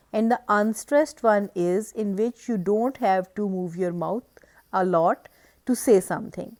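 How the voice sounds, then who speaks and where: Slow, mellow-voiced woman lecturing. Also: medium pitch. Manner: measured, explanatory, with hesitant fillers. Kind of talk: recorded lecture.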